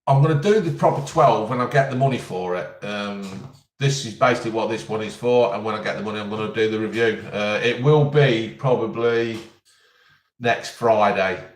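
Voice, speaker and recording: A man's voice: on the low side, normal speed. A man answering viewers' questions in a casual live stream, blunt and jokey as he reads out each question. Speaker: vlogger answering live chat. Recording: roomy and distant from the mic.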